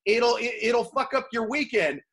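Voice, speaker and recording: A man's voice: very high voice, expressive, normal speed, gravelly, a bit bright. A man co-hosting a comedy dating-advice podcast, joking in a crude, rowdy, profane way. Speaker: podcast co-host.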